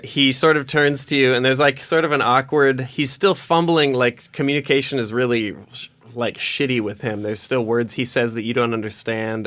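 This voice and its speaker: Acting as dungeon master, a man with a fairly bright mid-range voice narrates a tabletop game in a rambling style, full of fillers and restarts.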